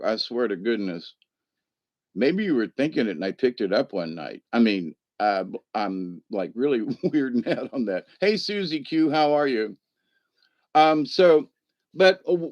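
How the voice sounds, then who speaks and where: A livestream host chats in a middle-pitched voice with no room sound, wandering from one story to the next. He laughs often and breaks off to answer viewers in the chat.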